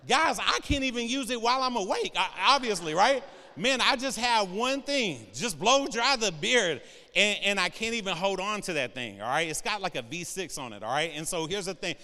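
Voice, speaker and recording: A man in his forties delivers a humorous sermon with a high, bright voice. His tone is smooth and clear as he tells animated, joking stories and keeps checking in with "all right?" The sound carries a long reverb from a large hall.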